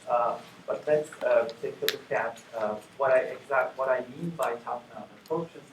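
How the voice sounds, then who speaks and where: A man giving a conference lecture, talking in a halting way with many fillers and restarts. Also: mid-range voice, fairly even intonation. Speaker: conference plenary speaker. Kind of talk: academic lecture. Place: lecture hall. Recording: echoey hall, distant mic, noisy.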